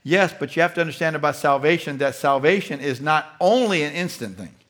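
A man's voice: fairly high pitch, animated, a little fast, a bit bright. Emphatic male pastor preaching. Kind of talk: sermon.

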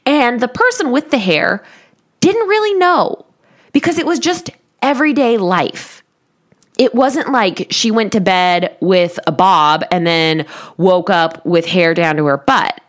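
A woman's voice: medium pitch, expressive, measured pace. A woman in her thirties, a coach, candidly telling listeners a personal story in a self-deprecating way. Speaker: life coach.

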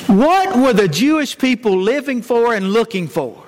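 Pastor, male, very high voice, earnest sermon delivery, faint room ambience. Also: big pitch swings, a little mellow, slight background noise. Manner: earnest preaching, drops low and slow for emphasis.

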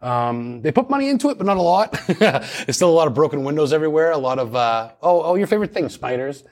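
A man's voice: fairly high pitch, very animated, fast. A man talking as a paranormal investigator guest in a casual interview, chatty and rambling with many restarts.

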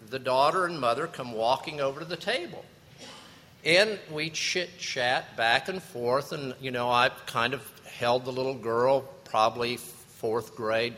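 A man preaching a sermon, telling a story with lively, animated delivery. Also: mid-range voice. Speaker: pastor. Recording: long reverb of a large hall.

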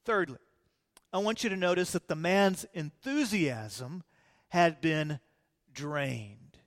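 A male pastor preaching a sermon in a church, animated, swinging between loud emphasis and quiet low lines. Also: slow pace. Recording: long hall reverb.

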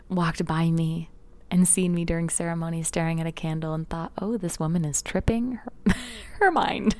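A woman coach telling personal stories in an earnest, reflective way, sometimes dropping into soft whispers. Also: lowish voice. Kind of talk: reflective personal storytelling talk.

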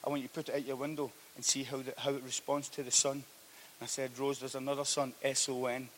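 A man preaching a sermon, telling a story that swings from hushed to loud. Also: medium pitch, flat delivery, quick pace, a little hiss or hum. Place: church hall.

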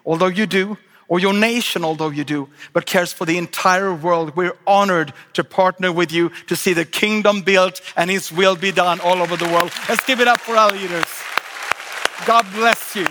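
A middle-aged Swedish-accented pastor with a high voice, preaching a lively sermon. He jokes in asides and restarts his phrases. His voice rings through the long reverb of a large church auditorium. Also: normal speed. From Sweden. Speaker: guest pastor.

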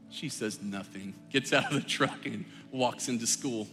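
A middle-aged man preaching a sermon as pastor, telling family stories in a relaxed, joking, conversational way. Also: mid-range voice, moderate pace, few pauses, soft background music. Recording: long hall reverb.

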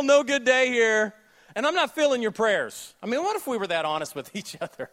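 A man preaching a sermon with a Southern US accent, joking with the congregation, then dropping to a hushed, slow delivery. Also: very high voice. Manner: animated, jokey asides, shifts between loud and hushed delivery. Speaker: pastor.

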